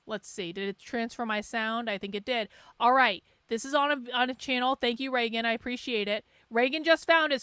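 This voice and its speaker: A sarcastic woman host talks loosely over a clip she is playing for her viewers. Her voice sits fairly high, and the sound is close and dry with no room around it. She jumps in, laughs and cuts other speakers off. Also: sharp tone, clear, resonant tone, dry recording. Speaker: livestream host. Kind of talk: casual commentary while watching a video.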